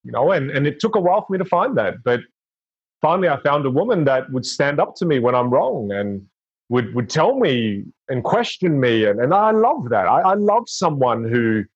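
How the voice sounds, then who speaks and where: A man's voice: medium pitch, big pitch swings, normal speed, husky. A man talking earnestly and reflectively in casual conversation, often restarting his sentences. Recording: dull lo-fi sound.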